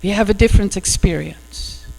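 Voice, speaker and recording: A woman's voice: mid-range voice, normal speed, creaky. Woman minister telling a story in an echoey hall. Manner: warm conversational storytelling with fillers like "you know". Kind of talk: sermon with storytelling. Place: church hall. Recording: echoey hall with mains hum.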